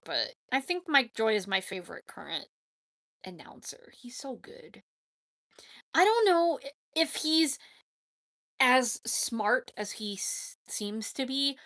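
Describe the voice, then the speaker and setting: A woman's voice: a little high, a bit bright. A woman chatting casually on a live stream, rambling and emphatic, often adding "like, seriously.". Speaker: YouTube streamer answering chat.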